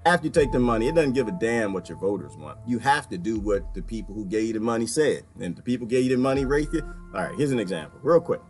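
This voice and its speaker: A man delivering a ranting comedic monologue, swinging from low mutters to high-pitched outbursts. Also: lively intonation, quick pace, few pauses, darkish tone, soft background music. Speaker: vlogger.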